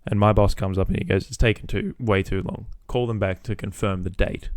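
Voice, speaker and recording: Speaking fairly quickly in a steady, low, darkish voice, a male podcast host swears his way through a casual story about his workday. He plays both callers in phone exchanges, and the clean studio sound has no echo.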